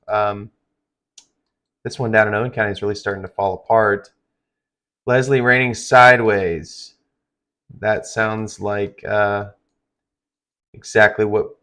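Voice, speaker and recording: A man's voice: on the low side, a bit bright. Tired man doing live weather coverage. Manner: rambling, filler-heavy, conversational. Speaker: livestream weather host.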